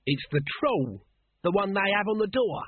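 Man doing a nervous little watchman, high agitated voice, husky, phone-thin sound. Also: big pitch swings, moderate pace, no room sound, heavily acted. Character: jumpy, cowardly little city watchman. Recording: phone-like narrow band.

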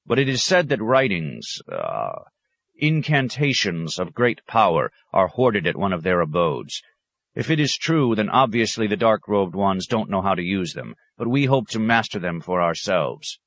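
A man voicing a clever male scholar who speaks in a courteous, measured, diplomatic way. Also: sits low, big pitch swings, gravelly, fairly bright tone, no room sound, muffled recording, pitched above the performer's own voice, exaggerated voice. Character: polite, clever male scholar, a traveling outsider.

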